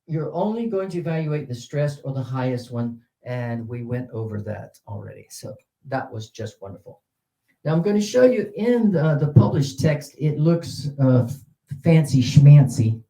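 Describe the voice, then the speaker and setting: A man leading a teaching seminar, animated and demonstrative, with sudden jumps in pitch. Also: normal speed. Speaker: teacher trainer. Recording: roomy echo.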